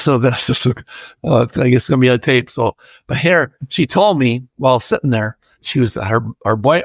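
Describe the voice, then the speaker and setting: A man's voice: mid-range voice, no room sound. Older man telling a rambling story, dry sound. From Iowa. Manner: chatty, acts out quoted voices loudly. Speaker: guest.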